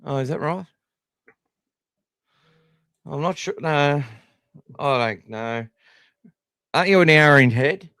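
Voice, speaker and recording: Australian male podcast host, casual and rambling, smooth clear voice, dry close recording. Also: on the high side, slow pace, pauses often, a bit bright, dry recording. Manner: chatty, rambling, self-deprecating. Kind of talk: casual live-stream chat.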